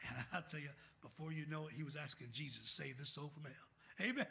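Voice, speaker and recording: High, bright-voiced preaching man. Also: a little fast, creaky. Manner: calls out "what?" for the congregation to fill in scripture; swings from shouting to soft and quiet. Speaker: pastor. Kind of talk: fiery sermon.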